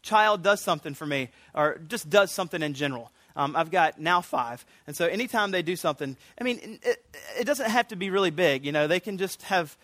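A man preaching a sermon, animated and earnest, often restarting his sentences. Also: high voice, brisk, hardly any pauses, dry recording. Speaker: pastor.

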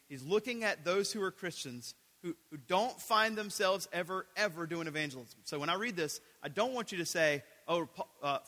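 A man with a high, sharp voice preaches a sermon as a pastor, earnestly repeating key phrases for emphasis. He is in a church sanctuary, and the recording has the echo of a large hall.

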